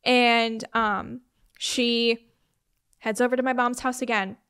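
A young woman speaking in a slightly high voice, recounting a personal story to an interviewer. She talks casually, with lots of fillers, and slips into quoting others as she goes. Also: level tone, takes it slowly, a bit bright, smooth. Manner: conversational, many "like" and "um" fillers, quotes family members in retelling. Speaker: interview guest.

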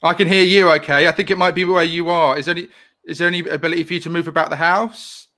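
Male live-stream host, slightly high, bright tone, easygoing and rambling. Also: level tone, quick pace. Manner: chatty, rambling, laughs often. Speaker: host of a live online interview. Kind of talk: casual live-stream interview. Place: home, live video call.

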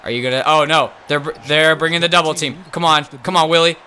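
A young man commentating his own basketball video game, muttering, then shouting at big plays. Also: a little high, quick pace. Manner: swings between muttering and excited shouting. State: nervous, voice strained. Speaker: gaming YouTuber. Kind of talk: live gameplay commentary.

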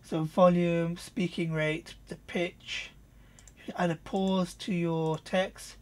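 A man's voice: sits high, little pitch movement. Casual man thinking aloud. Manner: off-the-cuff, thinking aloud with fillers and quick asides. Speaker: product reviewer. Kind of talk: casual screen-recorded software demo.

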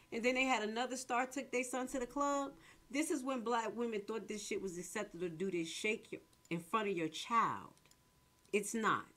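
A woman hosting her own commentary vlog, talking loudly and bluntly with casual slang and strong emphasis. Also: medium pitch. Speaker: commentary vlogger.

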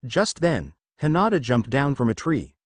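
Guy reading fan fiction out loud, animated voice, dry mic. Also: mid-range voice, normal speed, breathy edge, no echo. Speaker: narrator.

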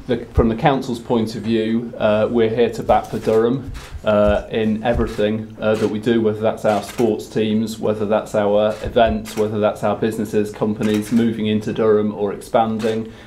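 Council spokesman, man, hesitant delivery, mellow and monotone. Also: fairly low pitch, moderate pace, slight background noise. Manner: hesitant, many fillers, repeats words. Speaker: council representative. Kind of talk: formal press statement.

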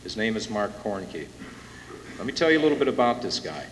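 Male emcee, low voice, impassioned intro; long hall reverb on old tape. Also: big pitch swings, brisk. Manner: emotional, building to loud announcements. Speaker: event emcee introducing the speaker. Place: conference hall with a live audience. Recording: echoey hall from far off, hissy tape.

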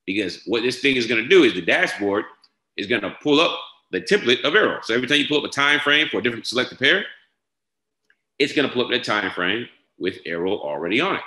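A man giving a step-by-step software tutorial, repeating each instruction and checking in with "all right?". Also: mid-range voice, animated, fast. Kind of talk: screen-share tutorial walkthrough. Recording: echoey room.

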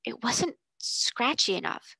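A woman's voice: fairly high pitch, big pitch swings, takes it slowly, gravelly, breathy edge, no room sound, exaggerated voice. Storybook: woman playing a brave, proud girl, earnest with a fierce edge. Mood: alert. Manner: bright and earnest, fierce when angry.

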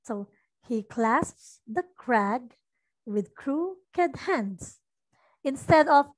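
High-voiced woman teaching slowly. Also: lively intonation, no echo. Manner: patient, repeats lines slowly to model stress. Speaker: English teacher. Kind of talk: online tutoring lesson.

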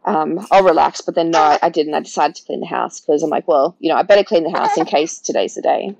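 A woman's voice: deep voice, fast, creaky, darkish tone, low-quality recording. A woman, a podcast guest chatting through her birth story and acting out her own past words. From Australia.

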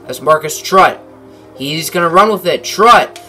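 A man's voice: a little high, lively intonation, unhurried, bright, forceful tone, soft background music. A young man narrating a football video game in mock sportscaster play-by-play, with dry asides. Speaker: gaming commentator.

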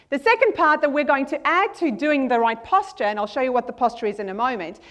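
High-voiced, energetic woman speaker. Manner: energetic, emphatic, repeats key lines and checks the audience follows. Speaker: motivational conference speaker. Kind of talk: motivational talk leading a group affirmation. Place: conference hall with a screen.

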